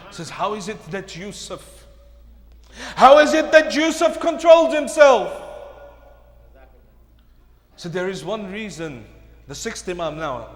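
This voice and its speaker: High-voiced man preaching in an echoey hall. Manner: dramatic storytelling with rising shouted peaks. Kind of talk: sermon. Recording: echoey hall, long reverb.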